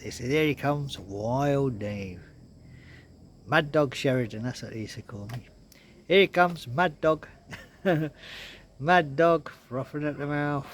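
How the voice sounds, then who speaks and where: A man's voice: fairly high pitch, slight background noise. An older man vlogging casual, rambling stories to camera, chuckling often between lines.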